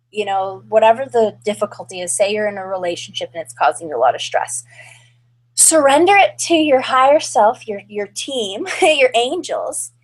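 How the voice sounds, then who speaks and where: A woman's voice: on the high side, rough recording. A woman co-hosting an astrology show, giving soothing, reassuring spiritual advice. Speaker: astrology co-host.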